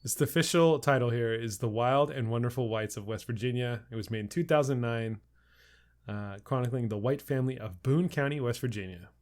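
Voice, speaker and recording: A man's voice: mid-range voice, brisk, darkish tone. A man co-hosting a podcast, laid-back and casual, swearing and laughing often. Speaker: podcast co-host. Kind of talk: casual chat.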